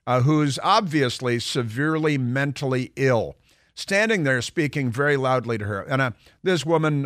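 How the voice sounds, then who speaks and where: A man's voice: mid-range voice, fairly bright tone, dry recording, clean studio sound. A man hosting a radio talk show, telling a long story in a rambling, digressive way with lots of fillers and restarts.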